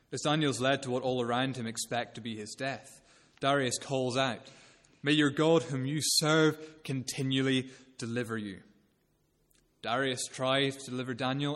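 A man preaching an earnest, measured expository sermon. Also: mid-range voice. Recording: long reverb of a hall.

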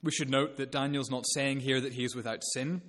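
Guy preaching a sermon, earnest and measured, long hall reverb on it. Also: medium pitch, fairly even intonation, a bit bright.

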